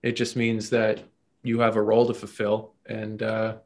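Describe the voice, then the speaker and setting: A man co-hosting a podcast, working through an idea out loud with frequent ums and pauses. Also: lowish voice, monotone. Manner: thinking aloud, halting with many ums. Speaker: podcast co-host. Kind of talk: casual chat.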